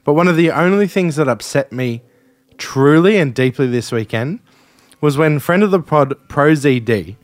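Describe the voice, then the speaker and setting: A man's voice: a little high, lively intonation, moderate pace, no echo. A young Australian man co-hosting a casual sports podcast, talking in a wry, laid-back way and laughing easily. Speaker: podcast co-host. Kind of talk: casual chat.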